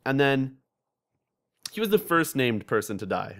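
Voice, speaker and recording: A young man hosting a casual gaming podcast, telling animated stories with lots of swearing and laughter. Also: medium pitch. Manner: fast, animated storytelling with frequent swearing and laughter. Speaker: podcast host.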